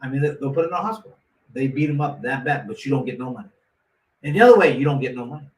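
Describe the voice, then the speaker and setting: A man's voice: medium pitch, very fast. A man telling a long story in casual talk, acting out the voices of the people in it with lots of restarts. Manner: animated, acts out quotes with lots of restarts. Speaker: guest storyteller. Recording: roomy echo, mic at a distance, faint noise.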